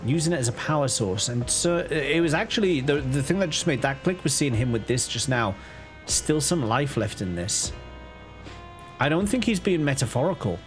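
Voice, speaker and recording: A man from Liverpool with a softened Liverpool accent, thinking aloud with restarts while streaming a game. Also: mid-range voice, lively intonation, moderate pace. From Liverpool, England. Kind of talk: casual live-stream commentary. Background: faint game music.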